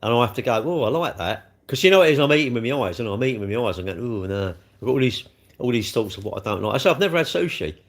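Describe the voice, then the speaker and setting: A man's voice: mid-range voice, expressive, very fast. Chatty older man. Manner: chatty, rambling, blunt. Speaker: livestream host. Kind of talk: casual chat reading viewer comments.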